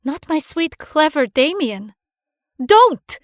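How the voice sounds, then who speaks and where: A woman's voice: high-pitched, a little slow, clear, resonant tone, no room sound, clean studio sound, pitched above the performer's own voice. A woman voicing a defiant young scientist in a horror tale. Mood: furious. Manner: shouting in defiant fury.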